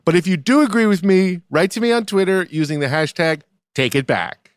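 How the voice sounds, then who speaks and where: A man co-hosts a comedic podcast chat show, launching into animated, mock-outraged rants and joking around. His voice is high-pitched, brisk and smooth, captured at studio quality with no room sound.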